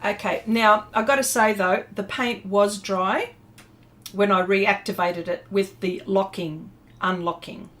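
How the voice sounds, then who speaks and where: A woman's voice: medium pitch, steady tone, unhurried, a bit bright. A woman, chatting casually and laughing often as she paints on a livestream and answers her viewers. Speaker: artist livestreaming a painting session. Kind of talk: casual chat while painting.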